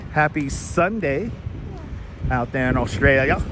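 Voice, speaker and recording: A man's voice: fairly high pitch, lively intonation, takes it slowly, pauses often, noisy background. A man hosting a casual live walking-tour stream outdoors, chatting and greeting viewers by name on a clip-on mic. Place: outdoors on a city street. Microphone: wireless clip-on mic.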